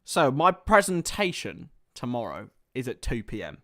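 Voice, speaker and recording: This young host of a live football watchalong speaks at a medium pitch and normal speed. He calls the play-by-play, wanders into chatty side remarks, and gets excited on chances.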